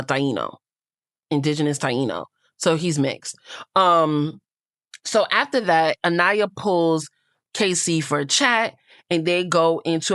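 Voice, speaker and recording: A woman's voice: sits low, a bit bright, no echo, clean studio sound. A woman hosting a casual reality TV recap, chatty and gossipy, with frank asides.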